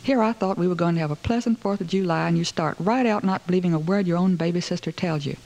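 A woman's voice: lowish voice, fast talker, darkish tone, natural voice. A woman voicing an overbearing older mother who scolds her daughter in a dramatic reading of a story. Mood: scolding. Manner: scolding, indignant, theatrical.

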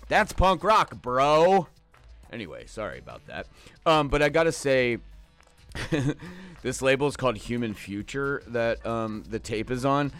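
A man's voice: medium pitch, big pitch swings, moderate pace, a bit bright, soft background music. A man hosting a radio show, rambling enthusiastically with lots of fillers as he back-announces songs.

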